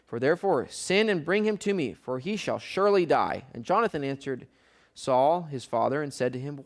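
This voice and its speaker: At a moderate pace and fairly high pitch, a man teaches from the Bible. He reads scripture aloud and explains it in a casual, chatty way, adding wry comments along the way.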